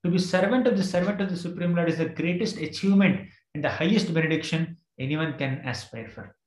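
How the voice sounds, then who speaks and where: A man's voice: on the high side, fast, darkish tone, echoey room, poor audio. A man giving a scripture class, retelling a story with quoted verses and frequent fillers. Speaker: spiritual teacher.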